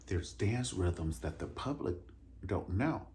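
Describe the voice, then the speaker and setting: Casting: deep-voiced man, casual vlog chat, lively and talkative, faint noise behind. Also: slow pace. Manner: animated, chatty, vocalizes drum rhythms and says "honey". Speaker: vlogger reviewing a dance concert.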